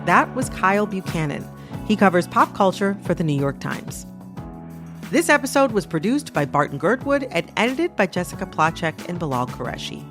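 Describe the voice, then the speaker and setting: Relaxed woman podcast host. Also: fairly low pitch, moderate pace, music in the background. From southeastern Michigan. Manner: relaxed, laughs easily, conversational. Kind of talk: interview hosting.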